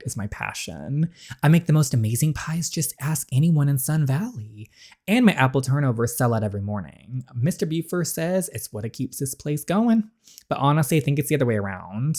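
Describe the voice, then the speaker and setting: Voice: mid-range voice, darkish tone. A streamer reading the lines of a tired, hardworking young Southern woman who bakes, in an earnest first-person storybook style.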